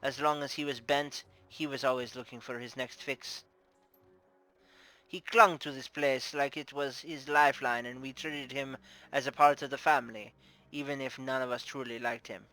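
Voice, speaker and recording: A man's voice: medium pitch, steady tone, normal speed, bright, forceful tone, no echo, natural voice, poor audio. A man voicing a shrewd, playful madam who runs her house with formal, teasing grace, in a put-on Russian accent. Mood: gracious. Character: shrewd playful female brothel madam, middle-aged. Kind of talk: tabletop game character voice.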